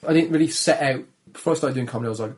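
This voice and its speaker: Gravelly, low-key man with a Black Country accent. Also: very fast. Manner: low-energy, shy, self-deprecating. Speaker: comedian guest. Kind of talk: casual podcast chat.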